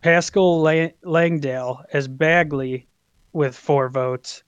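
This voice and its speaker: Slow easygoing man, dull podcast audio. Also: fairly high pitch, steady tone, smooth, no room sound. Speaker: podcast co-host. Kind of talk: casual chat, mock award-show announcing.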